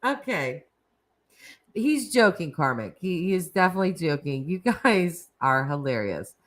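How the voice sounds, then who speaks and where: A woman's voice: low voice, big pitch swings, a little slow, a bit bright. A woman hosting a casual live stream, chatting and laughing as she reacts to viewer comments. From United States. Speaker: livestream host.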